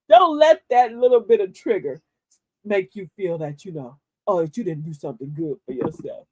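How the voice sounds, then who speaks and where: An older woman with a husky, slightly breathy voice that swings high and low as she tells her stories. She laughs often and slows right down to stress each word of an affirmation. The sound is close and dry, with no room around it. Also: dry recording. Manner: animated storyteller, laughs often; slow, emphatic reading of affirmations. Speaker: livestream host. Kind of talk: casual motivational livestream talk.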